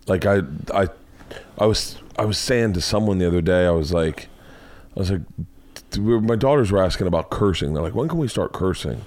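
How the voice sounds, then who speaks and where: A man hosting a podcast, chatting casually and telling animated stories with plenty of swearing. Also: deep voice, fairly quick. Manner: animated storyteller, swears a lot. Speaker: podcast host. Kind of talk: casual chat.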